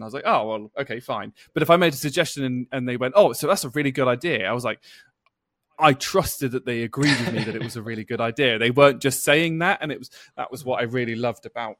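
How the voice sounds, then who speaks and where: A man's voice: medium pitch, a bit bright, no echo, studio quality. Chatty man hosting a podcast. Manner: chatty storyteller who acts out quoted dialogue. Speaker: podcast host. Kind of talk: casual podcast chat.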